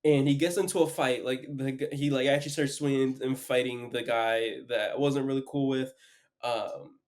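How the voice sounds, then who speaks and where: A man's voice: mid-range voice, fairly even intonation, normal speed. A young man hosting a podcast, telling a long story in a casual, rambling way full of "like". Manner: rambling, heavy use of "like". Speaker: podcast host.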